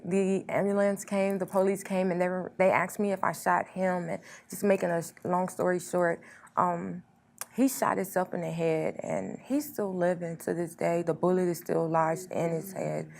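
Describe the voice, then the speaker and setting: A woman sharing a personal testimony as an interview guest, earnest and quietly reflective. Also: on the low side, steady tone, unhurried, vocal fry. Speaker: guest sharing her story.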